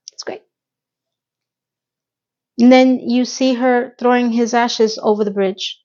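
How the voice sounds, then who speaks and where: A woman's voice: on the high side, muffled recording. Chatty woman recapping a TV episode. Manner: chatty, animated, quick asides and questions to viewers. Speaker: TV recap reviewer. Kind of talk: casual recap chat.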